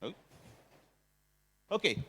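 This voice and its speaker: A man with an Indian English accent gives a technical talk from a conference hall stage, frequently quizzing the audience. He speaks slowly with a bright, forceful tone, and the recording carries the long reverb of the hall.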